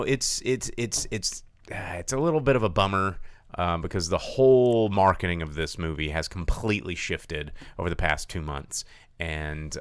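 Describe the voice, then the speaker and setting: Lively low-voiced man chatting about movies. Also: clean tone, no echo. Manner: animated, swearing, mimics people in quoted voices. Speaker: podcast co-host. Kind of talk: casual movie talk.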